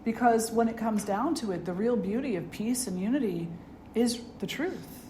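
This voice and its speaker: A middle-aged woman, a spiritual teacher, giving an earnest dharma talk and telling stories with gentle humor. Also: on the high side, moderate pace. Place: ashram hall. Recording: echoey room with faint noise.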